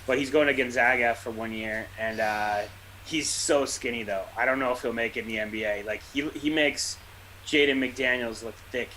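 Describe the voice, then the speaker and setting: A man's voice: medium pitch, fairly even intonation, normal speed, pushed and bright, slight background noise, rough recording. A man co-hosting a casual sports podcast, an opinionated fan who rants with a laugh. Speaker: podcast co-host.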